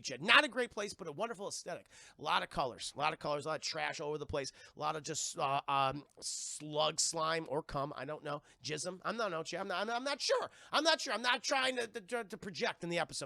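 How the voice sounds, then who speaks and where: Brief: a gravelly, sharp-voiced male streamer, casual and profane, reviewing cartoons for his chat. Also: a little high, no echo. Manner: profane, rambling, talks to chat. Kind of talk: casual livestream episode recap.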